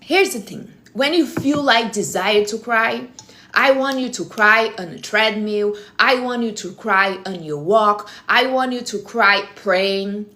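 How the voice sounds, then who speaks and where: A woman's voice: medium pitch, a little slow, pushed and bright, slight background noise. A woman hosting a casual live stream, giving blunt, teasing advice in non-native English phrasing. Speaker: livestream host.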